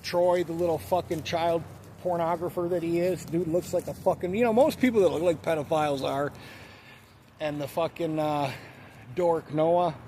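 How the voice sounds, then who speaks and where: Profane ranting man, higher voice. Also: steady tone, moderate pace, dark tone, slight background noise. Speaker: vlogger. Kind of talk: casual storytelling monologue.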